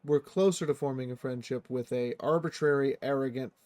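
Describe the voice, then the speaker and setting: A man streaming a strategy game, reading the event text aloud and reacting playfully, jumping into sudden high squeals. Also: fairly quick, darkish tone, no echo. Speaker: let's play streamer.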